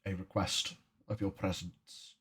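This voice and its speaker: Male game master, lowish voice, casual and rambling. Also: flat delivery, measured pace, a crowd in the background. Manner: casual, rambling, laughs often. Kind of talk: narrating a tabletop game.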